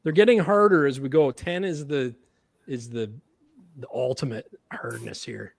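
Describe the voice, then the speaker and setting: A man's voice: mid-range voice, moderate pace, creaky. A man with a Canadian accent hosting a casual livestream chat, playful and laughing as he keeps score. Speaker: podcast host.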